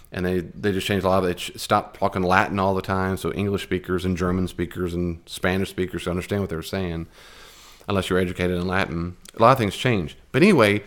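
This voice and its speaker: Animated, low-voiced man teaching a Bible class. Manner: conversational, animated, with frequent fillers and restarts.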